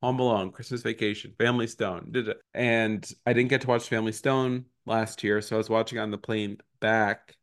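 A man's voice: fairly low pitch, fairly even intonation, normal speed, hardly any pauses. A man co-hosting a podcast in casual chat, self-deprecating and laughing often. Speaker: podcast co-host.

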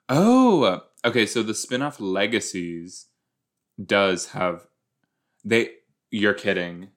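A man hosting a casual watch-along podcast, chatty and excitable, talking back at the screen as he reacts to a TV episode. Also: on the low side.

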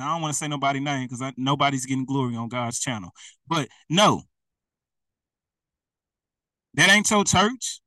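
Young preacher guy, high bright voice, chatty and laughing, sounds a bit far off. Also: fairly quick, dry recording. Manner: lively, conversational, laughs often. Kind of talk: sermon.

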